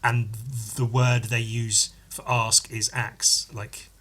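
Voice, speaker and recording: Bright-voiced man rambling on his podcast. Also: medium pitch, little pitch movement, slow. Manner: rambling, self-correcting, swears freely. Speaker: podcast host. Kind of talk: casual solo podcast monologue.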